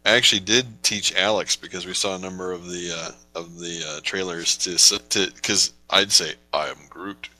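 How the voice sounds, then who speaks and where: Bright-voiced man with dry wry humor. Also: low voice, steady tone, normal speed, few pauses. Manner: wry, joking, acts out quotes in funny voices. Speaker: podcast co-host. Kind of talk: casual chat.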